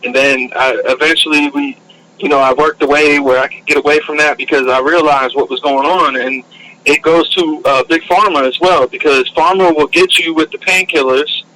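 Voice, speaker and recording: A man's voice: fairly high pitch, fairly even intonation, moderate pace, pushed and bright, slight background noise, low-quality recording. A man in a casual podcast chat, talking in a heated, profane, emphatic way.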